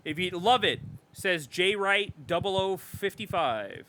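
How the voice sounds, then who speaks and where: A man co-hosting a horror podcast, reading reviews aloud with animated, sarcastic commentary and frequent swearing. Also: high voice, a little slow. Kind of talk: casual podcast chat.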